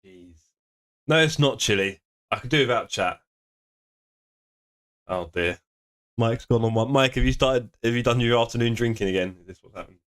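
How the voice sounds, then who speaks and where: A man talking casually into a desk microphone at home while streaming a racing game. His banter with viewers is loose and joking, and he laughs often, with a pitch in the ordinary middle for a man. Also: moderate pace, pauses often, fairly bright tone. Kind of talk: casual live-stream chat reading viewer comments.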